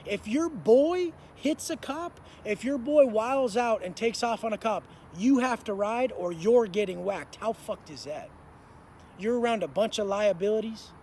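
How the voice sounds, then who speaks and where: A man's voice: sits high, measured pace, mellow, slight background noise. A man telling a story in an intense, profane way, full of street slang. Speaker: motivational speaker. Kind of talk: storytelling monologue.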